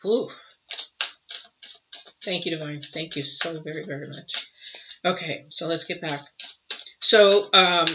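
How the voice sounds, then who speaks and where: A middle-aged woman giving a live intuitive tarot reading, emotional and exclamatory, moving between loud bursts and soft murmurs. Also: fairly low pitch. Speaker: tarot reader. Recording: slightly dull, faint noise.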